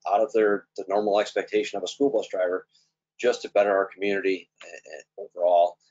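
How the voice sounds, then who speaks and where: A man on a school transportation panel speaking earnestly, with many pauses and fillers, over a video call. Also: low voice, level tone, a little mellow. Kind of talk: casual panel talk. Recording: dull lo-fi video call audio.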